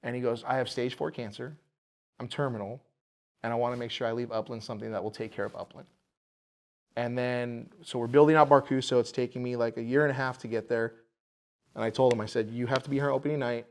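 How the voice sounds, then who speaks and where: A man's voice: mid-range voice, fairly even intonation, fast talker. Guy who owns a bar telling his story on a podcast, does the voices when he quotes people. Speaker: bar owner, podcast guest. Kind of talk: casual storytelling interview.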